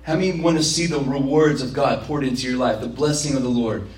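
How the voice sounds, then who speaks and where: A man's voice: medium pitch, a little fast, darkish tone. A man preaching a sermon as pastor, passionate and acting out prayers and imagined quotes, recorded in a church. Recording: roomy, from a distance.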